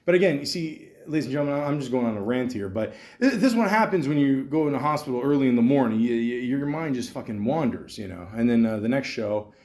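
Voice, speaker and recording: Man in his thirties, podcast host, rambling solo story, fillers, profanity, mid pitch. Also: animated, quick pace, hardly any pauses, darkish tone. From Canada. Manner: casual, profane, meandering with many fillers.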